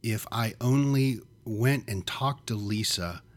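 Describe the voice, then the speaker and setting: A man's voice: on the low side, slow pace. A man in his fifties co-hosting a faith podcast, speaking earnestly and posing reflective questions.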